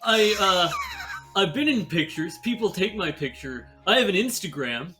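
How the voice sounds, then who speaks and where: A man's voice: high voice, lively intonation, moderate pace, noisy background. A man playing a tabletop game in character, earnest, naive and dim-witted. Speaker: player. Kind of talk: in-character tabletop role-play.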